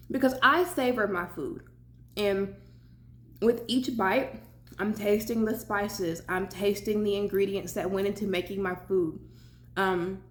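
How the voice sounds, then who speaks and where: Southern lady chatting while she eats, mouth full, echoey kitchen with some background hum. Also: mid-range voice. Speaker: vlogger. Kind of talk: casual mukbang chat while eating. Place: home kitchen.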